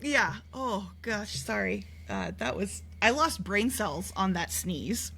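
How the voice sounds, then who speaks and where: A woman's voice: medium pitch, very animated, slow pace, creaky, a bit bright, husky. A woman co-hosting a podcast, chatting casually about a TV show in a rambling way with lots of fillers and restarts. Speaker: podcast co-host. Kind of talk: casual TV recap chat.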